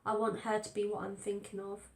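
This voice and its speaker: A woman's voice: mid-range voice, completely flat delivery, brisk, creaky. A woman narrating a first-person story aloud in a tense, fearful telling. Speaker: audiobook reader. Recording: roomy echo.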